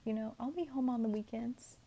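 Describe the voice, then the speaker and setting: Brisk and on the high side, this young woman's voice has a dark, slightly rough tone. She co-hosts a podcast from home, chatting and rambling in a self-aware way while getting over being sick. The casual conversation is recorded remotely on a home computer mic.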